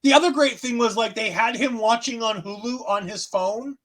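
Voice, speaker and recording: A high-pitched man co-hosting a relaxed chat show. He runs through the evening's events with dry sarcasm and fake outrage. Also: normal speed. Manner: sarcastic, mock-outraged asides. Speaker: wrestling podcast co-host. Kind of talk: casual chat.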